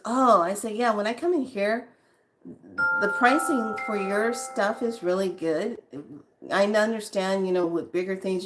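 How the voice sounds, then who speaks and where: A woman's voice: fairly low pitch, slight background noise. Chatty woman telling a story. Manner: chatty, laughs often, quotes others in voices. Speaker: spiritual vlogger. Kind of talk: casual storytelling chat.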